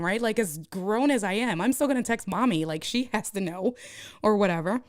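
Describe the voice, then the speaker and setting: A young woman telling a story to her live stream viewers, casually and animatedly, jumping up in pitch when she acts out the people in it. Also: no echo, clean studio sound. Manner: animated, acts out quoted voices with jumps in pitch.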